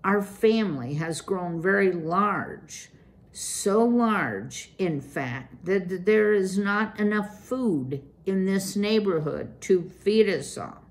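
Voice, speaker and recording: A woman's voice: medium pitch, animated, slow pace, voice pushed up. A woman voicing a pompous, scolding old male mouse, the head of a large family, in a storybook reading. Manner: scolding, haughty.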